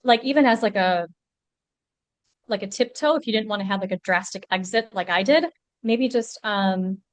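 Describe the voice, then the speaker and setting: A woman's voice: mid-range voice, moderate pace, no room sound. A woman guest in a casual podcast conversation, talking in a chatty way with lots of "like" fillers. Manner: chatty, many "like" fillers, animated.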